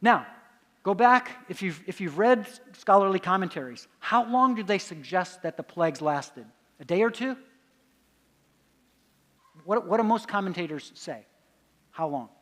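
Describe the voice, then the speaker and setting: A man's voice: sits high, expressive, unhurried, pauses often, a bit bright. A man giving a conference lecture, quizzing the audience with questions and answering them himself. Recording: long hall reverb.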